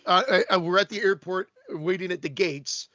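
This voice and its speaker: A Canadian man chatting casually as a podcast co-host, his voice a bit high for a man. He rambles and restarts his sentences often. The sound is dry and a little muffled. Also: fairly even intonation, moderate pace, sharp tone, no echo. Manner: rambling, many restarts and stammers. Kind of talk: casual chat.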